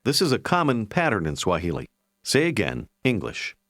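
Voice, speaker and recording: A man narrating a recorded language course, giving clear, measured instructions and prompts to repeat. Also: on the low side, huge pitch swings, fairly bright tone, no room sound, studio quality. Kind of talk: scripted language-lesson instruction.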